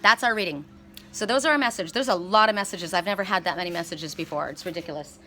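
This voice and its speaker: Animated woman giving a card reading. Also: on the low side, fast, a little hiss or hum. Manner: animated storytelling, frequent restarts. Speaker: oracle card reader. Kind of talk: casual spiritual card reading. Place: outdoors by water, California.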